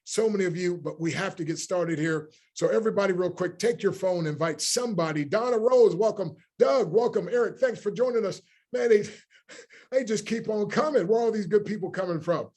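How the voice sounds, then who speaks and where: A man hosting a live online call, welcoming a long list of attendees by name with excited, effusive energy before introducing the next speaker. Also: high voice, a little fast. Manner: enthusiastic, effusive greeting of many names. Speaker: host.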